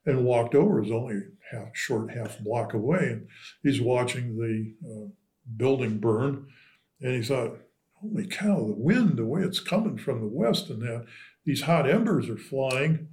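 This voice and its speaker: An older man telling local history stories in a casual, animated way, voicing the people in his anecdotes. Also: medium pitch, unhurried. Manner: animated anecdotes, quoting voices. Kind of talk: casual storytelling.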